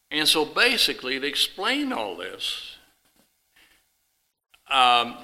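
A man preaches to a congregation, telling a homespun story with plenty of restarts and asides. His voice is sharp and bright. His pitch sits mid-range for a man. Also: low-quality recording. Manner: folksy, rambling, with restarts. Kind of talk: sermon with illustrative story.

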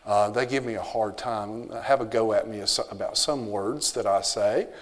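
In a church sanctuary with a long reverb tail, a visiting missionary with a Southern US accent addresses the congregation. His voice sits lowish and moves at a moderate pace. The talk is informal, easygoing and folksy, sprinkled with frequent fillers.

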